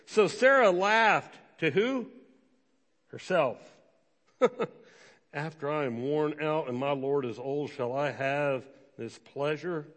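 A male pastor with a voice on the high side preaches a sermon, animated and conversational, briefly putting on voices for the people in his story. A long hall reverb trails his words.

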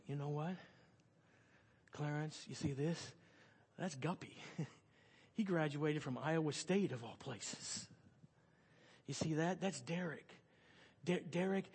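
A middle-aged male pastor telling a story in a sermon, swinging from loud excited storytelling to soft hushed tones. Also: a little high, slightly rough. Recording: long hall reverb.

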